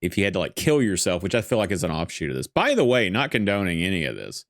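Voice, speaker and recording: A man talks over a movie in a relaxed podcast chat, and his pitch bounces all over as he jokes and rambles. He laughs easily and tells stories loosely. The recording is dry and close. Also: dry recording. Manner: joking, rambling, quick laughs. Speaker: podcast guest. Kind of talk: casual movie commentary chat.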